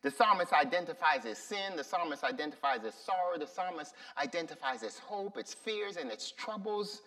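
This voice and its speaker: A male pastor delivering a sermon with a high, animated voice and a bright edge. He speaks slowly and deliberately, repeating words for emphasis. The mic sounds somewhat far from him. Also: vocal fry. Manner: slow, deliberate and emphatic, with repetitions.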